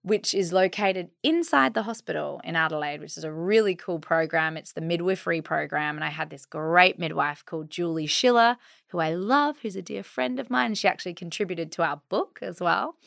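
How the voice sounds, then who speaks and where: Australian woman podcast host in her thirties, lower-pitched, animated storyteller, dry close sound. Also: fairly quick, vocal fry, no room sound. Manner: animated, acts out her own quoted words. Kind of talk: casual storytelling chat.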